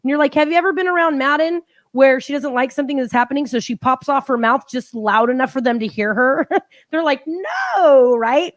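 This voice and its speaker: High-voiced teasing woman, dry sound. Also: fairly quick, a bit bright, no echo. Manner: teasing, laughs often. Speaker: co-host. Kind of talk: casual live-stream chat.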